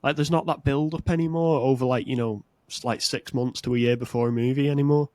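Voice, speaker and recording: A man co-hosting a podcast in casual chat, talking in a measured, thoughtful way with small hesitations. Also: medium pitch, steady tone, a little mellow, no echo. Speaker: podcast co-host.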